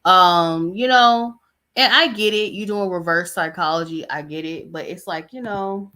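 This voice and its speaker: A woman's voice: fairly low pitch, measured pace, noisy background. A woman hosting a podcast, giving casual commentary in a blunt, exasperated, chatty way. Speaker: podcast host.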